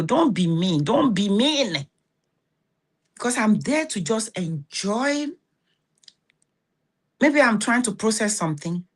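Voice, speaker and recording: A woman's voice: mid-range voice, fairly bright tone. A middle-aged woman with a Nigerian accent hosting a motivational self-help talk, giving blunt, scolding advice and often asking if you understand. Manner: blunt, scolding advice with rhetorical check-ins. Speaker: host.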